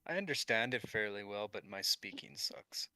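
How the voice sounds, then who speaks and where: A man from Quebec co-hosts a livestream, relaxed and chuckling, with many filler words. His voice sits low, recorded dry with little room sound. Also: normal speed, smooth, no room sound. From Quebec, Canada. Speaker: livestream co-host. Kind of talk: casual livestream chat.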